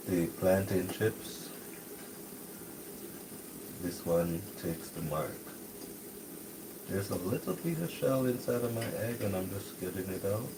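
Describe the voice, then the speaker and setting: A man hosting a live cooking stream, talking softly and casually to viewers while he cooks breakfast. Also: low-pitched, noisy background. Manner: talks softly, relaxed and chatty. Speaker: cooking channel host. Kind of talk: soft-spoken live cooking stream chat. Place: home kitchen with cooking noise behind.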